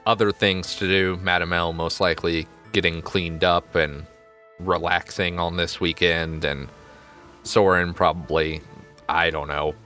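Deep-ish male game master, loose and chatty narration, faint music bed. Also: level tone, measured pace, sharp tone.

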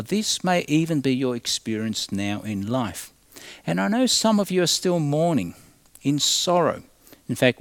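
A male pastor delivers a sermon with a lively, rising and falling voice. He leans hard into emphatic lines, then drops to a near hush. The sound is dry and close, with little room tone. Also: medium pitch, dry recording. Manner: expressive preaching, swinging from loud emphasis to hushed tones.

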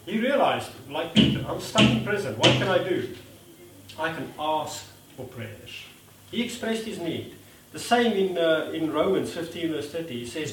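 Male preacher, conversational and self-deprecating, lively delivery; distant mic, echoey hall. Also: fairly high pitch, moderate pace, a little hiss or hum. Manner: conversational, acts out quotes with lively voices; self-deprecating, laughs at himself. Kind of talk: sermon. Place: church hall.

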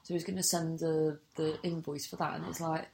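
A woman with a lowish voice and a lot of vocal fry tells a story in casual chat. She sounds exasperated, swears freely, and keeps cutting herself off mid-sentence. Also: flat delivery, fairly quick, a little mellow, a little hiss or hum.

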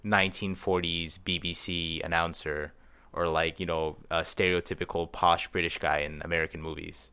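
Deep-voiced man explaining with lots of fillers. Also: level tone, normal speed, pushed and bright, clear, resonant tone. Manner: explains with many fillers, "like" and "you know". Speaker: podcast co-host. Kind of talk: casual chat.

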